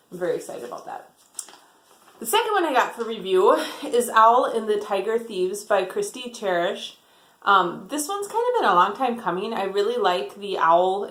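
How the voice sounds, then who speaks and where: A woman's voice: mid-range voice, a bit bright, reverberant. A woman chatting casually about her book haul, rambling, with lots of "like" and "um". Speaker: book vlogger.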